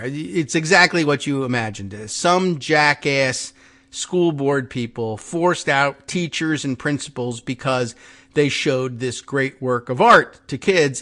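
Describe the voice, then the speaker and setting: A man's voice: mid-range voice, a bit bright. A man hosting a podcast, giving casual political commentary with rambling, sarcastic, self-deprecating asides. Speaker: podcast host.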